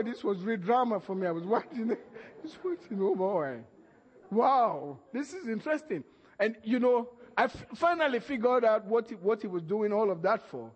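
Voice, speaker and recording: High-voiced man preaching a lively sermon. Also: husky, in a large hall, muffled recording. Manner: animated storytelling, laughs often, acts out voices. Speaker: pastor.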